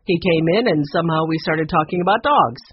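A man voicing a pushy, defensive, suspicious baker in a storybook, with an emphatic, husky voice. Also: fairly high pitch, brisk, a little hiss or hum, lightly acted. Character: smooth-talking suspicious male baker, defensive. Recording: dull muffled recording.

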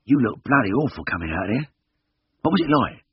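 Male reader doing a nervous young airman, high and panicky, husky, lo-fi. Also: sing-song, a little fast, dry recording, exaggerated voice. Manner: gasping, panicky, stammering. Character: jittery young male airman, easily frightened. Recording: dull lo-fi audiobook recording.

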